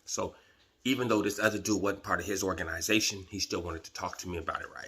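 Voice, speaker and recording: A man's voice: sits low, steady tone, fast talker, pushed and bright, slight background noise. A middle-aged man from Sacramento telling a prison story on his video blog in casual street slang, checking in with "right?" and "man" as he goes. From Sacramento, California. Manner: acts out the people in his stories. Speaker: vlogger telling prison stories.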